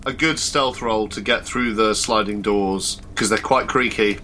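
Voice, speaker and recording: A man narrating as game master of a tabletop horror game, descriptive and halting with fillers. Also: fairly low pitch, sharp tone, slight background noise.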